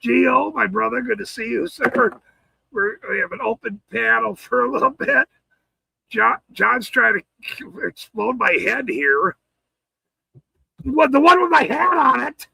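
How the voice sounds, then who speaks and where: Male stream host, high gravelly voice, slow talker, close and dry. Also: lively intonation, pushed and bright, no echo, rough recording. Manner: laughing often, swearing, greeting chat viewers. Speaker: livestream host. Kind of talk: casual livestream chat.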